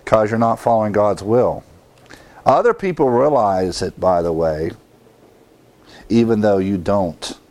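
A man's voice: on the low side, animated, measured pace, pauses often, a little mellow. A man preaching a sermon as pastor, in a conversational way, acting out the lines of the people he quotes.

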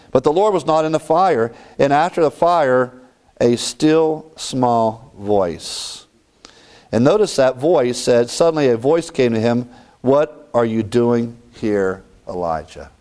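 A man preaching a sermon, reading scripture and swinging between raised lines and hushed ones. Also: on the high side.

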